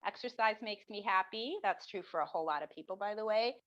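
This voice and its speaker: Guesting on a podcast, this middle-aged woman who teaches marketing speaks fast with a voice in the middle range. She's a vivid storyteller who performs the voices of those she quotes, heard through a dull, dry lo-fi recording.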